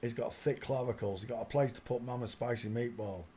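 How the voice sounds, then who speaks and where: A man hosting a casual livestream, commenting while he searches through images, often muttering quietly to himself and breaking into loud laughing outbursts. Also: mid-range voice, steady tone, brisk, a little hiss or hum. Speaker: livestream host.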